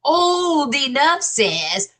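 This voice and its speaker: Animated woman reacting to comments. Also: sits high, drawn-out words. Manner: animated, exclaiming, talking straight to viewers. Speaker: commentary channel host. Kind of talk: reading and reacting to viewer comments.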